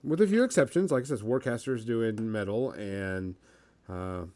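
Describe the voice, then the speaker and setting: A man hosting a casual hobby podcast, talking in a halting way with many fillers. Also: lowish voice, a little mellow. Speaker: podcast host. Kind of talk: casual chat.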